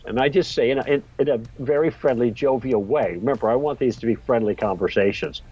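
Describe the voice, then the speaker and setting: A man's voice: mid-range voice, fairly quick, hardly any pauses, warm tone, breathy edge. A middle-aged man telling a story as a podcast guest, in a friendly manner with small chuckles. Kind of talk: storytelling in an interview. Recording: dull lo-fi sound with faint music.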